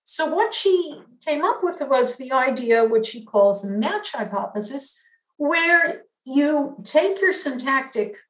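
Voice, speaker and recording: A woman with a New York accent giving an academic lecture in a measured, explanatory way, stressing key terms. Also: sits high, reverberant, poor audio.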